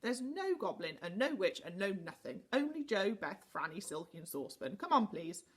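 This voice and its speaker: A woman reading aloud and voicing a brisk, bossy magical man who gives orders to a child. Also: mid-range voice, big pitch swings, husky. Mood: commanding. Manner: bossy and commanding. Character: brisk, impatient magical man with a round face.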